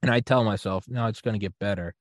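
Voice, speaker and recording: On a podcast, a low-voiced host talks fast as he tells stories in a relaxed chat, animatedly imitating the people he's quoting. The sound is dry and clean, like a studio.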